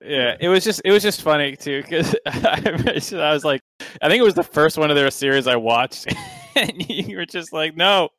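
Relaxed male esports panelist, dry sound. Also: fairly high pitch, normal speed, no room sound. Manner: relaxed, laughing, hesitant phrasing. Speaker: esports analyst. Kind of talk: casual panel discussion.

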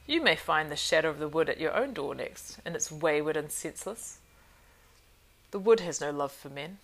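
Woman doing a low gravelly old wizard, smooth-talking and lofty, audiobook style. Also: animated, normal speed, full character voice. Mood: persuasive. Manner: coaxing and lofty, turning hissing and scornful. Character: silver-tongued old male wizard, proud and scheming. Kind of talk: audiobook reading.

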